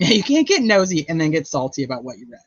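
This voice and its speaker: On his true crime channel, this man chats casually, peppering everything with "like" and "you know." His fairly high voice swoops wildly in pitch, and he talks fast. The recording is dull, lo-fi and dry, with no room sound.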